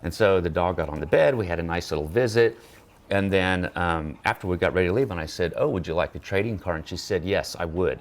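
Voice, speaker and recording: Deep-voiced man telling animated stories. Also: fairly quick. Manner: animated storyteller acting out quoted voices; frequent restarts and stammers. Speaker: therapy dog volunteer guest. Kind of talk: anecdotal interview storytelling.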